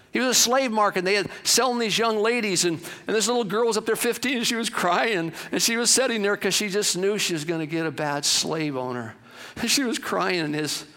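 A male pastor preaching a sermon, swinging from emphatic to hushed. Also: mid-range voice.

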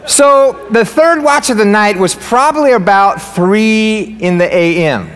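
Energetic joking pastor, man. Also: sits high, measured pace, clean tone, in a large hall. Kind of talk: sermon. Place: church sanctuary.

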